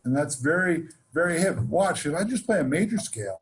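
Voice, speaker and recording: A man teaching a jazz lesson, explaining scales in a relaxed way and counting off examples. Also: on the high side, brisk, slightly rough. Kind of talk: instructional lesson with playing examples.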